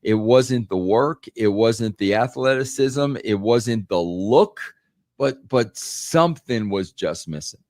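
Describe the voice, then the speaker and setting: A man's voice: fairly low pitch, lively intonation, slow, a little mellow, dry recording, clean studio sound. Emphatic man repeating "bro". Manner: emphatic, says "bro" often, repeats words. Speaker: podcast guest, former wrestling writer. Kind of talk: casual podcast chat.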